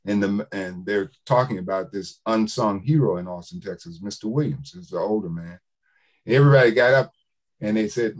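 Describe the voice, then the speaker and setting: Older male author, low-pitched, builds to forceful preacher-like declamation. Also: fairly quick, low-quality recording. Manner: emphatic preacher-like cadence, rising to declamation. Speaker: author speaking to a book club. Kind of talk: public speaking, storytelling.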